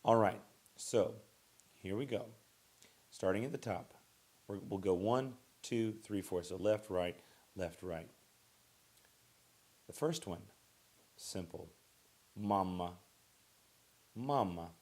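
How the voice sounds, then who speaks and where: A man with a low voice teaching a recorded lesson, calm and easygoing. He says each new word twice and leans on the stressed syllable. He talks in a loose, conversational way with small fillers and restarts. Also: slow pace, pauses often. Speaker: Russian language teacher. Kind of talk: recorded classroom vocabulary lesson.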